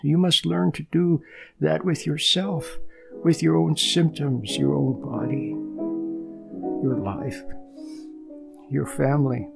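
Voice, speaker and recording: A man giving a gentle spoken sermon as a spiritual teacher, soft and unhurried, at times dropping almost to a whisper. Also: on the high side, fairly even intonation, gravelly, over music.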